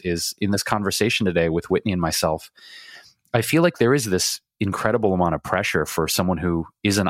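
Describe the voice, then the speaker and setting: A man's voice: fairly low pitch, dry recording, clean studio sound. A man co-hosting a podcast who speaks in long, rambling, reflective and effusive stretches. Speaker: podcast co-host. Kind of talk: casual conversation.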